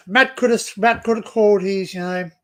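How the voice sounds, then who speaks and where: A young Australian man with a notably high voice hosts a relaxed livestream. He wanders through his thoughts, repeating words and restarting sentences as he chats with viewers and a guest. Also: normal speed, gravelly. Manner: rambling, stop-start with many restarts. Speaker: livestream host. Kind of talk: casual livestream chat.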